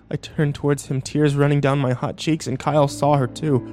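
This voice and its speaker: A man telling a harrowing story in first person, his delivery tense and emotional. His pitch sits in an ordinary middle range, with faint music behind him. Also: steady tone, brisk, few pauses. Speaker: narrator.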